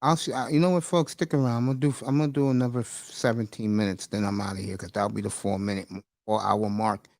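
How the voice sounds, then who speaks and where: A man's voice: lowish voice, fairly even intonation, fast, hardly any pauses, a little mellow, no echo, studio quality. A man hosting a casual live stream, rambling and emotional, calling his listeners bro and folks. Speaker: livestream host. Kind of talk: casual livestream chat.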